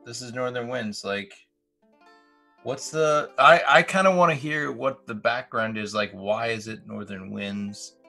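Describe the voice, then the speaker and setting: A man's voice: on the low side, measured pace, creaky, pushed and bright, soft background music. A man playing in a tabletop game, asking curious questions in a casual live-stream chat. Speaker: player.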